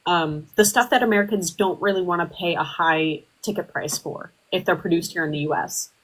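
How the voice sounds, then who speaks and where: A woman with a fairly low voice hosts a live political chat. She rambles and fills her talk with ums and likes. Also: a little fast, rough recording. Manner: rambling with many fillers. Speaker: livestream host. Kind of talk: casual political debate.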